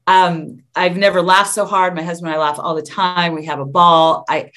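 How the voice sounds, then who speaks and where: A woman's voice: fairly low pitch, fairly even intonation, normal speed, a bit bright. Candid woman in her fifties, laughing often. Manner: open and frank, laughs often, with some stumbling restarts. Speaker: guest. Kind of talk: candid interview conversation.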